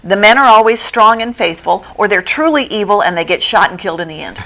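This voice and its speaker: A middle-aged woman chats as a guest on a local TV interview, retelling book plots with animation and easy laughter. Her voice sits in a middle pitch, and she sometimes jumps higher when she acts out a line. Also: brisk, poor audio. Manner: chatty, animated storyteller who laughs often; acts out quoted lines in a higher voice. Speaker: bookstore owner, guest. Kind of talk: casual TV interview chat. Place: local TV studio.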